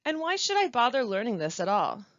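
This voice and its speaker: A woman teaching pronunciation in a scripted webinar, speaking slowly and carefully with deliberate pauses. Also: on the high side, very animated, no room sound. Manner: slow, careful, deliberate delivery with clear pauses. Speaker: language support specialist. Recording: dry, dull lo-fi voice-over.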